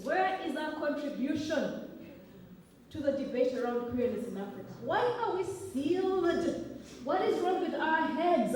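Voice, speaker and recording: A woman's voice: high voice, a little mellow, a little hiss or hum. A young woman from Uganda, an academic, giving an impassioned public speech. She talks rhetorically and with emphasis, and often checks in with "okay?". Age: young adult. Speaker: academic speaker. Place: large echoey hall. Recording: echoey hall recording from far off.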